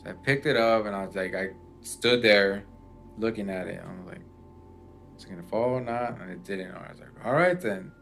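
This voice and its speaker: A man with a low voice tells a story in loose, casual chat, full of fillers and restarts. Soft music plays under him. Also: fairly quick, gravelly. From Mexican family background. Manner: rambling, many fillers.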